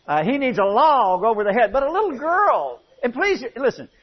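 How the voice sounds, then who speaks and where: A man's voice: very high-pitched, breathy edge. A man preaching a sermon, telling folksy, humorous stories and often restarting his phrases. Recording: dull lo-fi recording.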